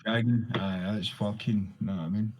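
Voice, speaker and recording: A man's voice: fairly low pitch, steady tone, normal speed, low-quality recording. A Scottish man explaining local slang in casual chat, blunt and sweary, often adding "you know what I mean". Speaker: interviewee. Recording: crowd noise behind.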